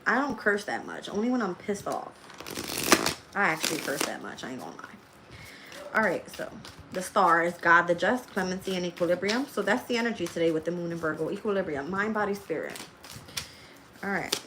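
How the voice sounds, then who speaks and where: A woman's voice: on the low side, lively intonation, brisk. Woman doing a tarot live stream, chatty and loose, cusses a lot, bit of background noise. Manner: chatty, laughs often, swears freely; talks loosely with slang. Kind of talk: casual live-stream tarot reading, reading chat aloud.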